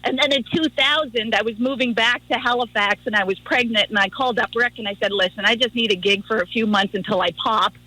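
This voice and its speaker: A woman's voice: a little high, quick pace, few pauses, low-quality recording. A woman calling into a radio show, telling affectionate stories. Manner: warm, storytelling, affectionate. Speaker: caller, radio host. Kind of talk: phone-in tribute on radio.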